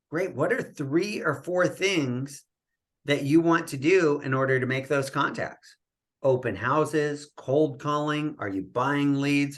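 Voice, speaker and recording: A man speaks as a guest on a podcast, explaining his points in an animated, coaching manner. He keeps checking in with the listener by asking "right?" as he goes. His voice sits at an average pitch. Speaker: real estate coach, guest. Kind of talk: conversational podcast interview.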